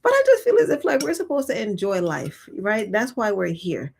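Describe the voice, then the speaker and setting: A woman's voice: medium pitch, huge pitch swings, normal speed, gravelly, breathy edge. A woman in her thirties chatting to camera in a casual, reflective way, laughing often and using many fillers. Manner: talks while eating and sipping. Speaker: vlogger.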